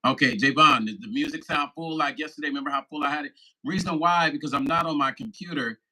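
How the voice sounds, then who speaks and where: A man's voice: fairly high pitch, fast talker, pushed and bright, low-quality recording. A man in his fifties, a musician vlogger, chatting casually on a livestream, laughing and swearing loosely as he talks to viewers. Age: 50s.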